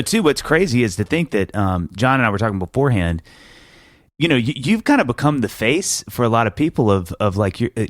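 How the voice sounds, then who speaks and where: A man's voice: medium pitch, no room sound, clean studio sound. A middle-aged man hosting a podcast, talking enthusiastically and rambling with stammered restarts. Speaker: podcast host. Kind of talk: casual podcast chat and ad read.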